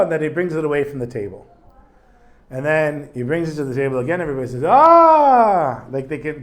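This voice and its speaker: A man teaching a religious lesson in a casual storytelling manner, with asides. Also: mid-range voice. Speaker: Torah teacher.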